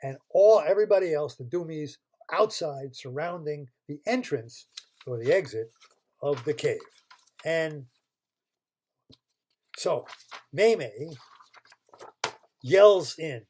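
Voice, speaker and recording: An older man telling an improvised children's story over a computer call, pausing to quiz his listeners with multiple-choice questions in a playful, chatty way. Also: on the high side, expressive, a little mellow, breathy edge. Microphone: computer mic on a video call.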